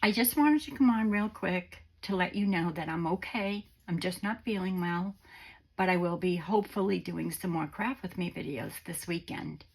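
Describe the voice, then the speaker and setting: A woman hosting a crafting vlog, talking gently and sentimentally to her viewers while unwell on antibiotics. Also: lowish voice, moderate pace, slightly rough. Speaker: crafting channel host. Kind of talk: casual vlog chat to viewers.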